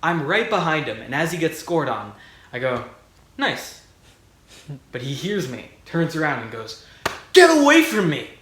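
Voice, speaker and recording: A young man telling a stand-up comedy story in a deadpan way, acting out the people he quotes. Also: fairly high pitch, normal speed, slight background noise. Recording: echoey room with crowd laughter.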